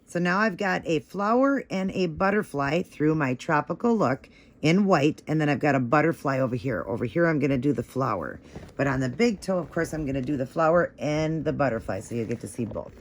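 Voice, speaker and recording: A man's voice: a little high, lively intonation, fairly quick. A man hosting a nail art tutorial, talking through each step in a chatty, encouraging way and gushing over how the results look.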